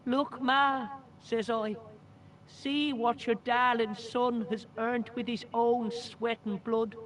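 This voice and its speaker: An actor playing a cheeky, boastful young Irish boy in a game, with a high, boyish, chirpy way of telling tales. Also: level tone, slow pace, a bit bright, full character voice. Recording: game audio with music behind.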